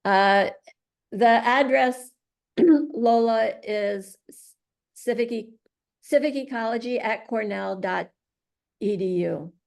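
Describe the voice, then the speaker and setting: A woman's voice: fairly high pitch, slow pace, creaky, long pauses. A woman hosting an online class over a video call, encouraging others and moving the session along. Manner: encouraging, with steady backchannel. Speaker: class host.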